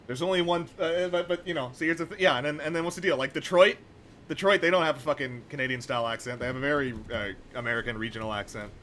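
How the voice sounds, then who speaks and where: A man's voice: a little high, fast, a bit bright, a little hiss or hum. A young man streaming a train simulator, chatting casually with rambling, profane, wry asides. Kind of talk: casual gameplay commentary.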